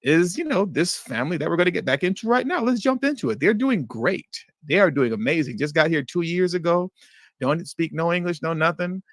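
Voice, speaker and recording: A man's voice: on the high side, brisk, no echo. Guy doing a political commentary livestream, fired up, slangy, dry close mic. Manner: animated, indignant, slips into slang. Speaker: livestream host.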